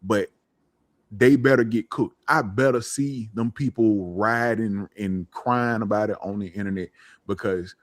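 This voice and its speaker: A man's voice: on the low side, measured pace, dry recording, clean studio sound. A man co-hosting a casual gaming podcast, talking in an emphatic, exasperated, slangy way. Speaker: podcast co-host.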